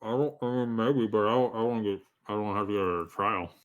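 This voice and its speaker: A man's voice: fairly low pitch, brisk, smooth, muffled recording. A man playing a tabletop role-playing game, talking casually and pushily, often repeating himself as he haggles. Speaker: player.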